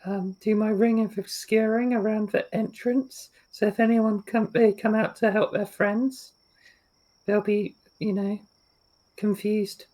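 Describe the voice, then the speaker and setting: Calm deadpan woman player. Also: mid-range voice, a little slow. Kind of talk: tabletop game play.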